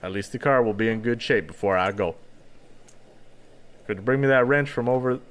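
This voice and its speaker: Man reading as a gentle tired farm father. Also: fairly quick, natural voice. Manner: soft, kindly, low-key.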